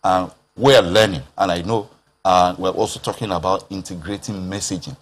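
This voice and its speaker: A man with a Nigerian accent speaking as a health expert on a TV panel, measured and explanatory, with "um" and "uh" hesitations. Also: low-pitched, steady tone. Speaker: public health expert guest. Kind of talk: TV panel discussion.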